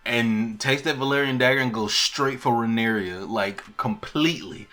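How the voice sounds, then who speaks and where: A man recapping a TV episode in casual commentary, animated and laughing, acting out the scenes. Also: mid-range voice. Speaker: TV show recap reviewer.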